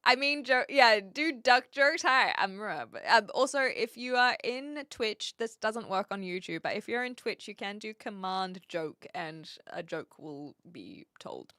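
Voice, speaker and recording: Young woman streamer, chatty and giggly, reads chat aloud; lively delivery, dry close mic. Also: mid-range voice, measured pace, hardly any pauses, dry recording. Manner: chatty, laughs often, greets viewers by name. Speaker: livestream host. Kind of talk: casual livestream chat, reading viewer comments.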